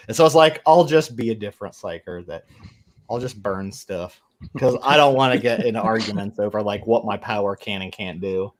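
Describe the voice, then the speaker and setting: A man in a tabletop game group telling a story about an earlier game in casual chat, animated, laughing, swearing and acting out what people said. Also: fairly low pitch, moderate pace.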